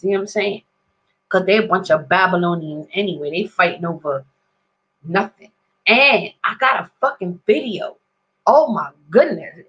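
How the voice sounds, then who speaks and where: A woman's voice: medium pitch, a bit bright, husky, muffled recording. A woman ranting to her viewers in a casual, profane vlog, rambling in street slang and constantly asking if they understand. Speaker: vlogger.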